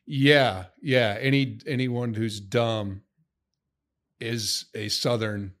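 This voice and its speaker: A man's voice: mid-range voice, steady tone, very slow, a bit bright. Blunt, profane man in casual chat.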